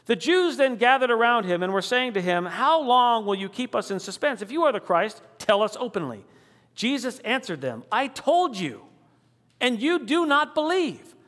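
A man preaching a sermon, emphatic on key declarations and dropping low and slow when he reads scripture. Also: fairly bright tone, big-room sound. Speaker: pastor.

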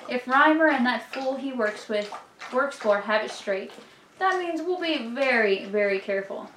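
A woman's voice: a little high, expressive, normal speed, a bit bright, slight background noise. A woman reading aloud the lines of a cautious, scheming old male gang boss, in an echoey room.

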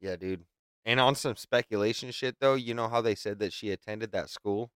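A man hosts a podcast and talks in casual chat. His voice sits fairly low and sounds smooth and clear, and he swears a lot as he swings between loud ranting and quiet, subdued talk. The sound is dry and close. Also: moderate pace, dry recording. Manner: heated, profane, swings from yelling to subdued. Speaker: podcast host.

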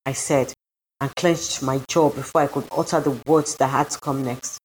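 A woman's voice: rumbling low, fairly even intonation, normal speed, slight background noise, poor audio. A woman narrating a first-person story, reading in an earnest, dramatic way.

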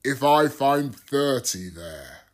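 A man voicing a male deity who speaks in firm, measured declarations. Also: mid-range voice, very animated, pitched above the performer's own voice. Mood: solemn.

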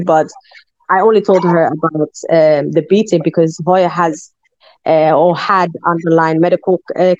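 A woman giving a personal account in an interview, halting and full of restarts, slipping words into her English. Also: on the low side, a little mellow, dry recording. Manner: halting, with many fillers and restarts; mixes Somali words into English. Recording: dull, dry, slightly muffled recording.

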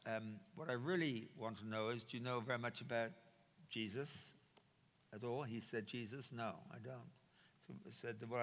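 A man telling a personal story in a sermon, animated and acting out the quoted dialogue. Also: medium pitch. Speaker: preacher. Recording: reverberant hall.

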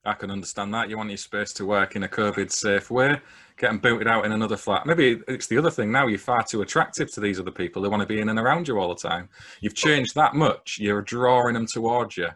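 A man co-hosts a casual podcast and teases his partner in an easygoing way. His voice sits a little low. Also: quick pace. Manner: easygoing, gently teasing. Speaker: podcast co-host.

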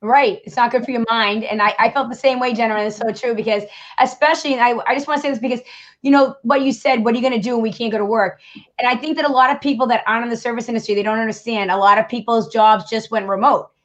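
A woman hosting a casual interview chat, quick and supportive, with frequent affirmations. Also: a little high, fairly even intonation. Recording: dull lo-fi sound.

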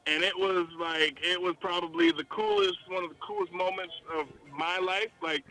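High, bright-voiced excitable man. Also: moderate pace, creaky, faint music behind, rough recording. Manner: excitable, slangy, lots of restarts. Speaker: country singer guest. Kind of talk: casual podcast storytelling.

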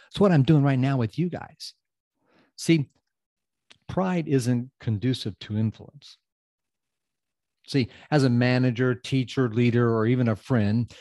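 A man hosting a podcast, giving a motivational talk and repeating phrases, swinging from loud emphasis to quiet asides. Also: mid-range voice, no room sound. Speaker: podcast host.

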